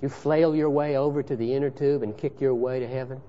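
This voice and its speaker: A man preaching a sermon with passion, his voice swinging from loud declarations to hushed storytelling. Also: medium pitch, fairly even intonation, fairly quick, slight background noise. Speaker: pastor. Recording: dull lo-fi sermon recording.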